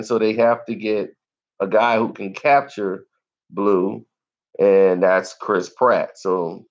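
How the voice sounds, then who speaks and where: Man reviewer, unhurried, lively and laughing, slightly muffled lo-fi sound. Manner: animated, laughs often, acts out scenes in high squeals. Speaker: movie reviewer. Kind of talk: casual movie review.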